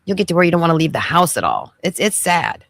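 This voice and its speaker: A woman's voice: lowish voice, big pitch swings, fast, gravelly, fairly bright tone, no room sound. A woman podcast host giving sassy, preachy commentary as she reacts to clips. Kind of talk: casual commentary.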